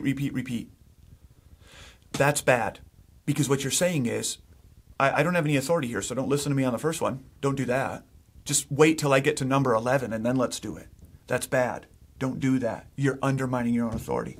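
A man's voice: medium pitch, gravelly, slightly rough. A middle-aged man, a pastor, preaching a sermon in a casual, conversational way, often restarting his sentences and acting out what parents say.

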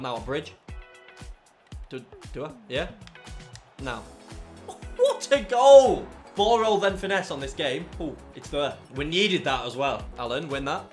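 A young man commentating his own football video game, muttering through play and erupting into shouts at goals. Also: fairly high pitch. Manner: excitable, bursts into shouts after goals. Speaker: gaming YouTuber.

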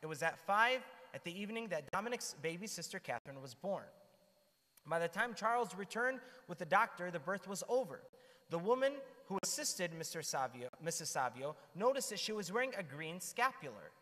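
A man telling the lives of saints to a church group in an animated storytelling manner, with asides to his listeners. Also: sits high, a little fast. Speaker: church speaker. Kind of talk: storytelling talk to a youth group. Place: church hall. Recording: long hall reverb.

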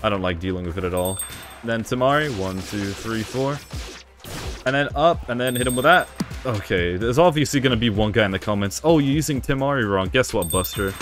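Low-voiced excitable young man gaming. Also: a little fast, soft background music. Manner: excitable, sarcastic, frequent self-deprecating jokes. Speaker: gaming video creator. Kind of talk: casual gameplay commentary.

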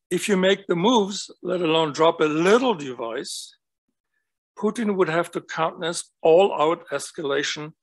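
A man giving an academic talk, animated and storytelling, often asking rhetorical questions. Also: on the high side, poor audio. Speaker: guest lecturer.

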